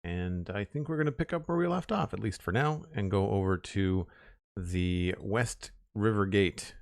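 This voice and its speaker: Deep-voiced man chatting on stream. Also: normal speed, gravelly, no room sound, clean studio sound. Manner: relaxed, chatty, talks to chat while building. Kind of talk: casual live-stream chat while playing.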